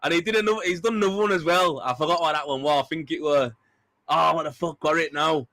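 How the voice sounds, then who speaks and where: A man's voice: fairly high pitch, steady tone, quick pace, a loud crowd. A young man, a podcast host, chatting casually, swearing and laughing as he tells stories. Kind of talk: casual chat.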